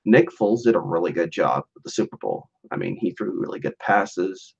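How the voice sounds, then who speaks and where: A man's voice: sits low, big pitch swings, brisk, gravelly, slightly rough, muffled recording. A man hosting a casual solo podcast, rambling loosely with lots of fillers, restarts and chuckles. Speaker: podcast host.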